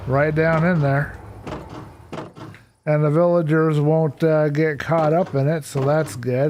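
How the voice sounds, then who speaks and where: A man with a slightly higher voice chats through a live game stream. He thinks aloud, stumbles over plans and laughs at his own mistakes in an easy, casual way. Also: darkish tone, a little hiss or hum. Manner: chatty, thinks aloud, self-deprecating.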